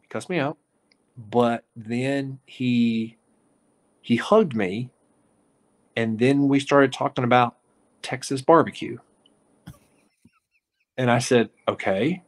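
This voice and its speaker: A man's voice: medium pitch, takes it slowly, long pauses. A man, a local TV sports reporter, telling a story on a casual sports podcast and acting out the quotes as he goes. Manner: animated storyteller, acts out quotes.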